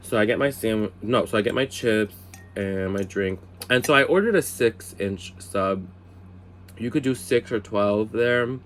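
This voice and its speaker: A man telling a casual storytime vlog from his bed, animated, jumping high for quoted lines and exclamations, then dropping into quiet asides, a little tipsy. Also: a little slow, a little hiss or hum. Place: bedroom, sitting on the bed.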